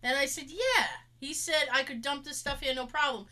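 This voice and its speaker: Speaking at a normal speed in a high voice, this Massachusetts woman shares a story during relaxed conversation. She has the local accent and throws in animated sound effects.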